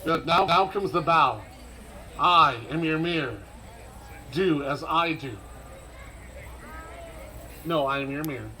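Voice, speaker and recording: A man's voice: a little high, slow, pauses often, bright, forceful tone, a little hiss or hum, low-quality recording. A man leading a crowd in live outdoor street theater, commanding and theatrical with dry sarcastic asides. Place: outdoor festival stage.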